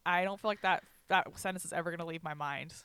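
A woman's voice: lowish voice, quick pace, a bit bright, smooth. A woman telling stories in a casual chat, laughing often and acting out what others said.

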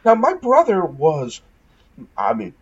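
A man's voice: a little high, huge pitch swings, slow pace, husky, muffled recording. A man around fifty, from Massachusetts, chatting casually as a podcast host and telling a story with wry jokes. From Massachusetts, USA.

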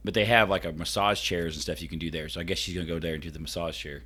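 A man co-hosting a podcast, chatting casually and rambling through animated anecdotes. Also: sits low, racing, breathy edge. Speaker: podcast co-host. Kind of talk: casual chat.

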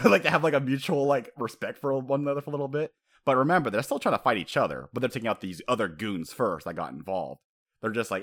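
A man co-hosting a casual chat, talking in an animated way, laughing often and acting out quotes. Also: medium pitch, fast.

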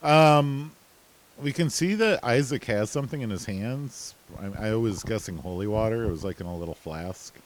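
A man's voice: fairly low pitch, lively intonation, normal speed, low-quality recording. A man co-hosting a casual recap chat, laid-back and hesitant, with many fillers. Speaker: podcast co-host.

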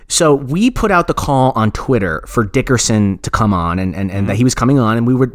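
A man's voice: lowish voice, a bit bright. A man co-hosting a podcast, telling long rambling stories in a casual, self-deprecating way. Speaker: podcast co-host.

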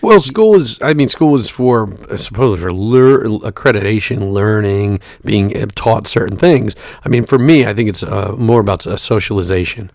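A gravelly man in his forties tells a story on a podcast, animated and profane. His voice sits in a middle range, with a dry, close sound and no room around it. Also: on the low side, moderate pace, hardly any pauses, dry recording. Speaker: podcast co-host. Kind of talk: casual chat, storytelling.

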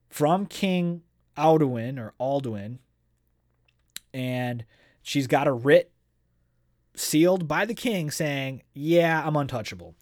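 A man hosting a podcast who talks casually and excitedly about a fantasy novel and reads passages aloud. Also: fairly high pitch, no echo, clean studio sound. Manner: excitable, chatty, uses "dude" and "like". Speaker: podcast host. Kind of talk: casual book discussion and reading aloud.

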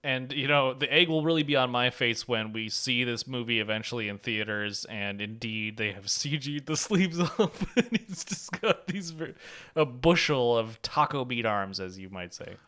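A man's voice: mid-range voice, moderate pace. A man co-hosting a podcast in casual pop culture chat, joking and laughing often. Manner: jokey, laughs often, lively. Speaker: podcast co-host.

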